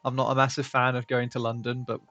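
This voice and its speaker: A man chats easily with a co-host and the viewers of a drawing live stream, breaking into laughter often. His voice has a gravelly edge. Faint music plays underneath. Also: mid-range voice, fast, dry recording, muffled recording. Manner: relaxed, chatty, laughs often, reads viewer comments aloud. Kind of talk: casual live-stream chat.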